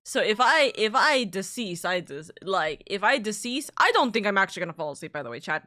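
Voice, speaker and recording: Woman vtuber rambling to chat, bright clear voice, thanks people as she goes, keeps cutting herself off. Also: medium pitch, sing-song, a little fast, few pauses. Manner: chatty, reads out and thanks chat messages; rambling, self-interrupting asides. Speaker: VTuber streamer. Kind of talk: casual live-stream chat.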